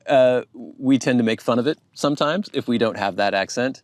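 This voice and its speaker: A man's voice: medium pitch, normal speed, hardly any pauses, dry recording. A man from the United States, hosting his channel in a rambling, casual chat to camera. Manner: rambling, chatty, thinking aloud. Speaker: YouTube channel host.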